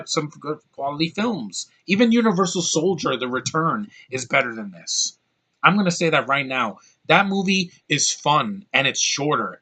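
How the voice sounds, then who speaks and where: A man's voice: mid-range voice, sharp tone, poor audio. A young man delivering an angry, exasperated movie rant, swearing often. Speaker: movie reviewer.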